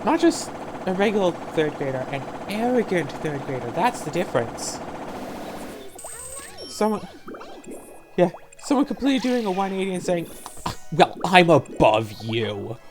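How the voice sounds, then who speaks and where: A woman's voice: mid-range voice, expressive, normal speed, pauses often, music in the background. A woman hosting a let's-play, ranting sarcastically in casual gameplay commentary.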